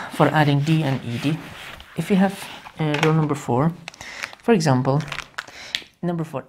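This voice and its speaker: A woman's voice: low voice, a little mellow, slight background noise. A woman teaching English grammar in a video lesson. She repeats key words over and over and explains step by step, with frequent restarts. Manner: halting, with restarts and fillers while explaining.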